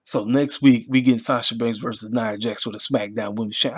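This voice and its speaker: A man reviewing a wrestling show in a casual rant, exasperated and animated, repeating himself and jumping high in pitch when outraged. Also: fairly quick, few pauses, husky.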